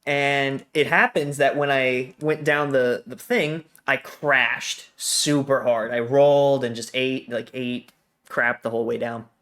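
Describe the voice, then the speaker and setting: Animated American man telling stories. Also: mid-range voice, measured pace. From Colorado, USA. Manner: animated storytelling, laughs often. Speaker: guest. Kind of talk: casual conversation.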